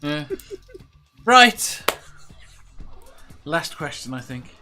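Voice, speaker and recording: A man hosting a casual online quiz hangout over a video call, reading out chat comments briskly and laughing often. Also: on the high side, sing-song, sharp tone, faint music behind. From Merseyside area of England.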